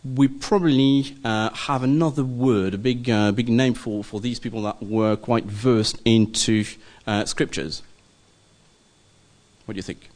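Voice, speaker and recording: A man's voice: mid-range voice, unhurried, darkish tone. Hesitant man teaching a Bible class. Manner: hesitant, many ums and checking okays. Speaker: teacher of a church study group. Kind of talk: informal classroom lecture.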